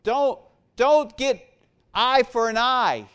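A man's voice: very high voice, takes it slowly, a bit bright, clear, resonant tone. A man preaching a sermon to his church, repeating words for emphasis and building in force. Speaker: pastor.

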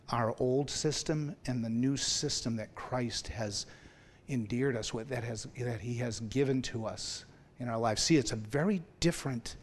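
A man preaching a sermon to his congregation in a conversational way, asking them questions as he goes. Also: mid-range voice. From Anglican family background. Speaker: minister.

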